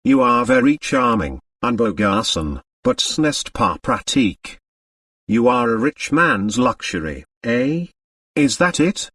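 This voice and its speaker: A man's voice: medium pitch, very animated, unhurried, a bit bright, no echo, recorded from a distance. A man voicing a fickle woman dancer, evasive and coaxing, recorded dry from off the mic. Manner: evasive, coaxing, with French words.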